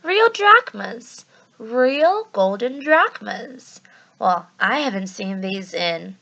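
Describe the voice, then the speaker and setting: A sly, greedy ferryman of the dead, put on by a woman reading aloud. He stretches his words out slowly, savoring them, in a fairly high voice. A storybook figure with a cold, grasping temper. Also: big pitch swings, bright, forceful tone, muffled recording, heavily acted.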